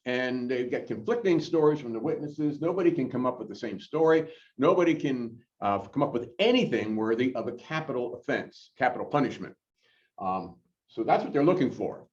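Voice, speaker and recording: A male pastor teaches a Bible study to a live group in a church chapel. His voice rises and falls in an animated, conversational way, full of fillers. He sounds a bit far from the mic, and the sound is dull and muffled. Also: mid-range voice, moderate pace. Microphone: corded mic, worn while moving about.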